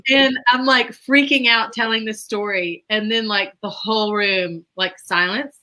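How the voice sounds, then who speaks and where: A woman's voice: mid-range voice, steady tone, a little slow, sharp tone, rough recording. A woman, co-hosting a podcast and telling a story in casual chat, acting out the voices of the people in it. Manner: acts out quoted voices, laughs often. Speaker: podcast co-host.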